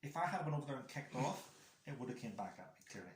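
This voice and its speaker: A man's voice: medium pitch, sing-song, quick pace. A man chatting casually as a guest, telling a rambling story about his son and acting out the dialogue. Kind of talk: casual chat. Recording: echoey room.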